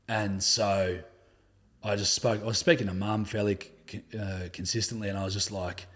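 Husky, laid-back Australian man. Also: fairly low pitch, level tone, normal speed, a bit bright. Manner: laid-back, swears often, says "like" a lot. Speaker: podcast guest. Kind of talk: casual conversational storytelling.

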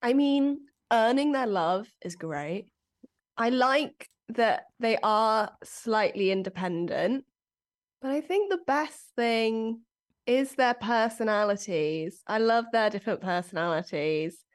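A young adult woman, a comedian guest on a podcast, chatting casually, laughing often and breaking into a high cooing voice. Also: slow. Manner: animated, giggly, slips into high cooing cat voice.

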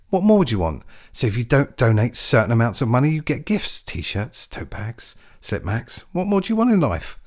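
A man's voice: mid-range voice, husky. A man hosting a radio show, chatting casually and rambling between tracks with chuckling asides. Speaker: radio DJ host.

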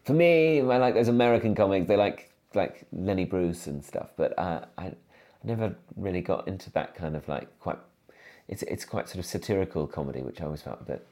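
Thirties male comic guest, very low voice, lively self-deprecating anecdotes. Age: 30s. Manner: animated, self-deprecating storyteller with many restarts. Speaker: comedian guest. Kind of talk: casual interview chat.

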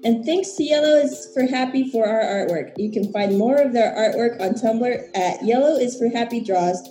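A woman's voice: a little high, moderate pace, mellow, echoey room, soft background music. A woman podcast co-host reading cheerful credits. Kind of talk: show credits.

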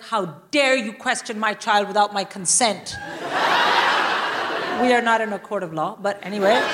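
A middle-aged woman from India telling a comic story on stage, acting out the quotes and swearing freely. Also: mid-range voice. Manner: animated, swearing, acts out quotes. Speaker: guest comedian. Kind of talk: live stand-up storytelling. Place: live theatre stage with audience. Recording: loud noise from live venue.

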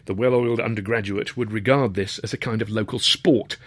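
A man's voice: lowish voice, fairly even intonation, a little fast, dry recording. A man reading his own novel aloud in a wry, dry-humoured, conversational storytelling manner. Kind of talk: storybook narration.

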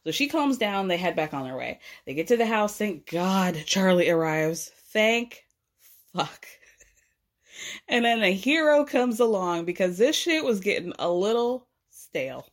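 A woman hosting a podcast, giving a casual, profane, gossipy recap of reality TV with quick asides. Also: mid-range voice, very animated. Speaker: podcast host.

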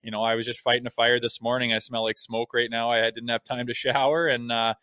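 A man's voice: mid-range voice, flat delivery, brisk, pushed and bright, clean tone, dry recording. A man in his thirties, a former hockey player and firefighter, telling stories in a laid-back way as a podcast guest and swearing freely. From Canada. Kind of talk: casual chat.

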